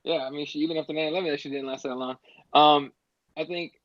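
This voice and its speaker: A man's voice: on the high side, fairly even intonation, fast, a bit bright, no echo, highs cut off. A man co-hosting a podcast in casual, profane chat who laughs along with his partner. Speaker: podcast co-host.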